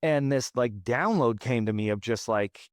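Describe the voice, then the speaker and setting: He talks at a moderate pace in a medium-pitched voice, recorded dry at studio quality. A band frontman in his late thirties, he's a podcast guest telling a raw personal story, emphatic, profane, and repetitive.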